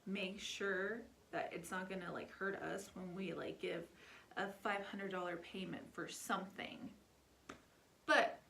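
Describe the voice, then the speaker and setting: Casual storytime vlogger, young woman, chatty, rambling with fillers, mid-pitched voice. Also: slight background noise. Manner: chatty, animated, heavy with filler words.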